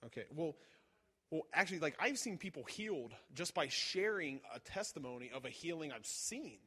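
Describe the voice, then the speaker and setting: A man's voice: fairly high pitch, very animated, moderate pace, bright, forceful tone, husky. Male preacher, casual sermon delivery with fillers and restarts, echoing hall. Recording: long reverb of a large hall.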